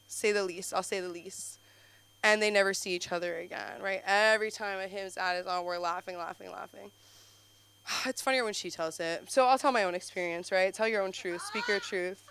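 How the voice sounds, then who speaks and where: A young woman at an open-mic comedy night, rambling in scattered bursts full of "like", swinging from mutters to loud shrieks. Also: medium pitch, normal speed, smooth. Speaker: stand-up comedian. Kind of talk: open-mic stand-up set. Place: comedy club stage.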